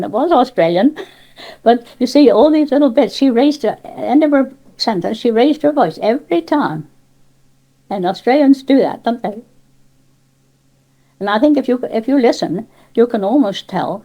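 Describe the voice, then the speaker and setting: A woman's voice: on the high side, warm tone, highs cut off. An older woman from Cornwall with a Cornish accent, chatting in an interview about dialect, rambling with many restarts and asides. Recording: cassette tape.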